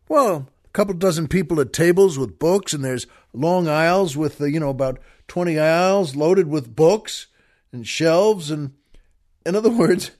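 An older man with a slightly high voice hosts his show and tells a long story in a loose, rambling way. He laughs at his own tale as he goes, in a casual storytelling monologue. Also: darkish tone. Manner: rambling, self-amused, laughs through his own anecdote. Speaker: podcast host.

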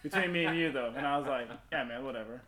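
A man's voice: mid-range voice, fast, crowd noise. A man telling a long crude story in casual podcast chat, rambling and full of profanity.

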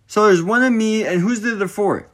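A young man with a fairly high voice rants casually into the camera. His talk is slangy and full of swearing, and he keeps firing frustrated rhetorical questions at his listeners. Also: a little fast, fairly bright tone.

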